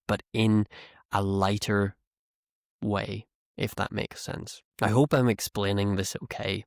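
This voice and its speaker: A man teaching an English lesson, explaining slowly and patiently, trying out example phrases and correcting himself as he goes. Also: lowish voice, vocal fry, dry recording, clean studio sound. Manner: slow, explanatory, self-correcting, demonstrates tones.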